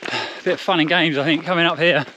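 Upbeat high-voiced man vlogging mid-run. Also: fairly even intonation, quick pace, bright, forceful tone, slight background noise. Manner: upbeat and chatty. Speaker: trail race vlogger. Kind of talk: on-the-run vlog commentary. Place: outdoors on mountain trails while running.

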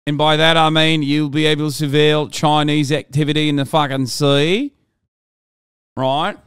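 Dude streamer ranting about politics, swears a lot, smooth voice, dry close mic. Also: male voice, a little high, moderate pace, no room sound. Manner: animated, profane, reads chat aloud. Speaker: streamer reacting to news. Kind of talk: casual political commentary.

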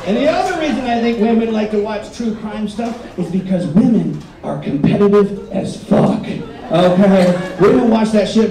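High-voiced man doing live stand-up. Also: normal speed. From Michigan. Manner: animated storytelling, acts out voices. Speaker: stand-up comedian. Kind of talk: stand-up comedy set. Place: resort comedy stage. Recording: roomy live stage audio, heard from a distance. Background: audience laughter.

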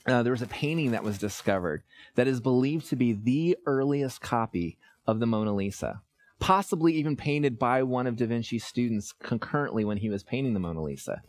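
A man's voice: mid-range voice, expressive, a little fast. Chatty man preaching a sermon. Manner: conversational, storytelling with many fillers. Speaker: pastor.

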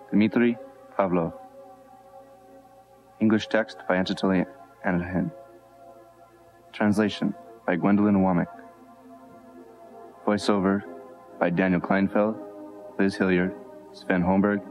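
Very deep-voiced man, slow solemn narration. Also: steady tone, darkish tone. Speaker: documentary narrator. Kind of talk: scripted documentary narration. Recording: dull lo-fi audio with music behind.

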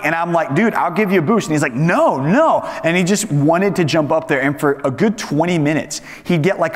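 A man's voice: on the high side, long reverb tail. A man in his thirties preaching a casual sermon to young adults, talking conversationally and telling stories with lots of fillers and restarts. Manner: conversational, animated storytelling with many fillers and restarts. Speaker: pastor leading a young adults Bible study.

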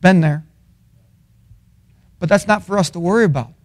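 A man preaching a sermon in a college chapel, swinging from loud, emphatic peaks to low, quiet asides. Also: normal speed.

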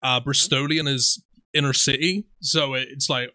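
A man's voice: medium pitch, normal speed, no room sound. A man in his twenties with a Somerset West Country accent, animatedly telling stories in a casual podcast chat, swearing freely. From Somerset, England. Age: 20s. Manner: animated storyteller, swears freely, laughs often. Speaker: podcast co-host.

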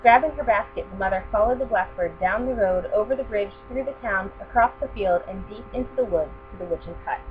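A woman reading a children's picture book aloud in a steady, expressive storytelling voice. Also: medium pitch, fairly quick, few pauses. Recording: tinny lo-fi with mains hum.

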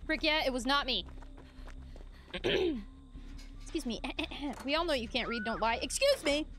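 A young woman streams live and chats with her viewers in a relaxed, rambling way. Her voice sits slightly high. She laughs often and drops casual mild swears as she talks. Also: slow, soft background music. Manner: giggly, chatty, mild swearing. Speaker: livestreamer.

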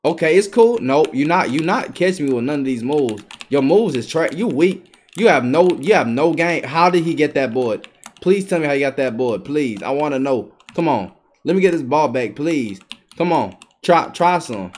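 A man's voice: a little high, normal speed. A young man, giving live trash-talking commentary over his gameplay. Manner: trash-talking, excitable, repeats himself. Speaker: gaming streamer.

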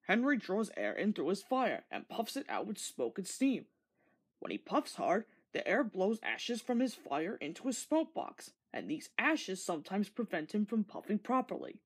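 A woman voices a calm, kindly male engine driver in a storybook read-along, explaining patiently at a moderate pace. Her voice is medium-pitched and slightly breathy.

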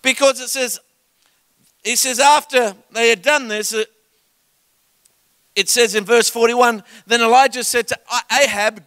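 High, bright-voiced Australian preacher. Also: male voice, a little slow, pauses often, no echo. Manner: animated, joking, swings from quiet asides to shouts. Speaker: guest preacher. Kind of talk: sermon with comic storytelling. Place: church service.

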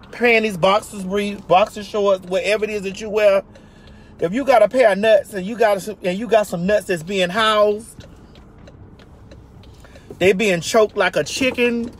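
A woman's voice: mid-range voice, rough recording. A woman, ranting brashly and playfully with lots of profanity as she vlogs from her car in traffic. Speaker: vlogger. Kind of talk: casual driving vlog rant. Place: inside a car in city traffic. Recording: loud car and road noise.

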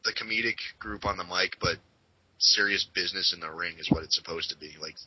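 A man's voice: low voice, fairly quick, a little hiss or hum. A man co-hosting a casual wrestling podcast, enthusiastic, swearing freely and acting out quotes, on dull lo-fi audio. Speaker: podcast co-host.

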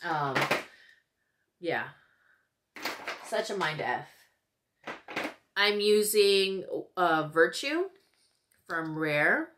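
Chatty woman vlogger with a lowish voice. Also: expressive, very slow, pauses often, noisy background. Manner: chatty, frequent "like" and "you know", laughs often. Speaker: beauty vlogger. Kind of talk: casual get-ready-with-me chat.

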